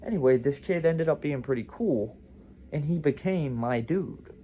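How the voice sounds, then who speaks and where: A man's voice: on the high side, lively intonation, moderate pace, mellow, a little hiss or hum. A man telling a casual storytime to camera, rambling with frequent "like" and self-interruptions. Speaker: vlog host.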